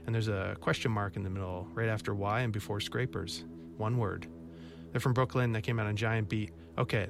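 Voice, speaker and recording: A man's voice: on the low side, background noise. A man hosting a college radio show, back-announcing songs in a wry, self-mocking, chatty way. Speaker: radio DJ host. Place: radio studio.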